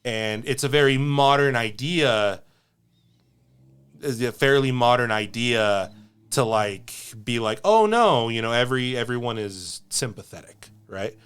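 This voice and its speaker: A man hosting a podcast in casual chat, rambling, laughing often and slipping into quick character asides. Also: mid-range voice, fairly bright tone, clear, resonant tone. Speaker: podcast host.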